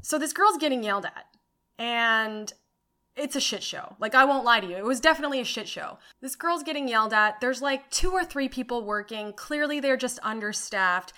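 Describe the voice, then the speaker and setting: A young woman hosting her own podcast, telling stories in an animated way, swearing freely and saying "like" often. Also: on the high side, normal speed. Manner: animated, swearing storyteller with frequent "like". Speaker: podcast host. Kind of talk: casual solo podcast monologue.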